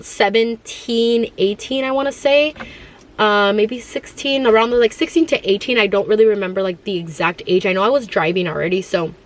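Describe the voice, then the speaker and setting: A woman in her thirties rambles through a casual storytime, her pitch sitting in a middle range. She leans on filler words and slips into Spanish phrases now and then. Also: moderate pace. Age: 30s. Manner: rambling, heavy use of "like" fillers. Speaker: vlogger.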